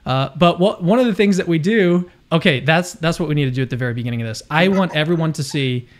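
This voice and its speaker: A man's voice: fairly high pitch, expressive, fast talker. A young adult man hosting a casual video discussion, chatty and enthusiastic with frequent restarts. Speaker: host.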